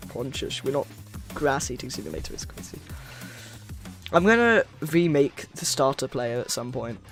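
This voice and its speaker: A man's voice: medium pitch, big pitch swings, moderate pace, a bit bright, soft background music. A young American man streaming a game-building session, chatting with viewers in a rambling, playful way. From United States. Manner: rambling and playful, reads chat aloud. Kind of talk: casual chat with live viewers.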